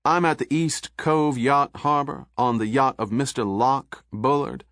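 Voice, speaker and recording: A man voicing a suave federal agent with a Southern accent, smooth, pleasant and coolly polite. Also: medium pitch, unhurried, a bit bright, no room sound, clean studio sound, voice pushed up.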